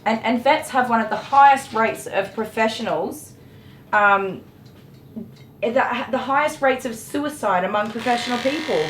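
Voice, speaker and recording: A dog groomer chats casually on a live stream while she grooms, getting passionate and worked up, ranting and swearing mildly. Her voice is on the high side and a bit bright, at a measured pace, in an echoey room with electric clipper noise.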